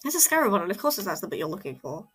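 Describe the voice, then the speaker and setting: A woman giving casual reaction commentary, excitable and rambling, full of fillers and exclamations. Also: mid-range voice, racing, slightly rough. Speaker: reaction video host.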